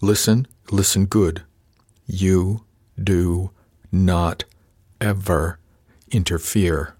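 A man's voice: sits low, steady tone, very slow, a little mellow, breathy edge, dry recording, clean studio sound, heavily acted. A man reading as a stern, bullying first mate. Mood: menacing. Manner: cold, clipped and threatening.

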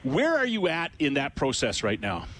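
A man's voice: a little high, huge pitch swings, normal speed, fairly bright tone. Casual man hosting sports radio. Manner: casual, with frequent fillers and restarts.

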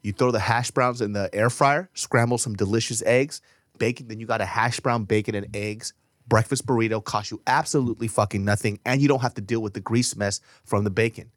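A man with a low-set voice talks loosely on a podcast, dropping slang and swear words with easy, laid-back timing. The sound is dry and close to the mic, with no room around it. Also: steady tone, brisk, no room sound. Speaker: podcast co-host. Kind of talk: casual chat.

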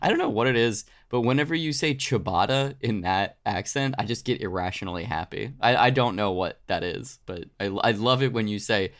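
A man's voice: lowish voice, fairly quick, hardly any pauses. A man co-hosting a casual history podcast, joking around and reading quotes aloud. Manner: joking, animated, reads quoted letters aloud. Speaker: podcast co-host. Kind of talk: casual chat.

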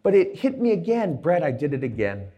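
A middle-aged man, a guest entrepreneur on stage, telling animated anecdotes full of quoted dialogue. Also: a little high, fairly quick. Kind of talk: storytelling on stage.

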